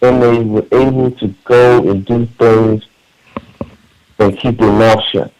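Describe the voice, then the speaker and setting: A man's voice: lowish voice, fairly even intonation, slow, darkish tone, muffled recording. A man calling in to a radio talk show, speaking in an earnest, emphatic way with frequent repeated words and restarts. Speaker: caller.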